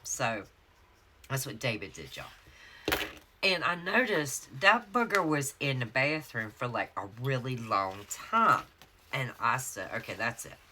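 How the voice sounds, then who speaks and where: A woman's voice: rumbling low, very animated, pushed and bright, a little hiss or hum. A woman with a Southern US accent telling a long, chatty story in a casual vlog from her home craft office. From North Carolina, USA. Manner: chatty, laughing, drawn-out storytelling asides. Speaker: planner vlogger. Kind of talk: casual storytelling chat while decorating a planner.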